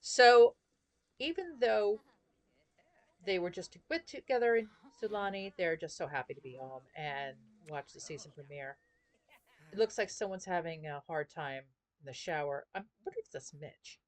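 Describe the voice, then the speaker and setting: Woman gaming host, casual chatty commentary, lower voice, dry close sound. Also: lively intonation, moderate pace, no room sound, low-quality recording. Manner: chatty retelling, loose run-on sentences. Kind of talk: life simulation gameplay commentary.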